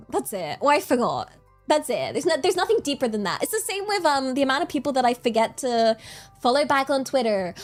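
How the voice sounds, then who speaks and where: A woman streamer in casual chat, soft and rambling, self-deprecating and laughing often. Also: high-pitched. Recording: faint music behind.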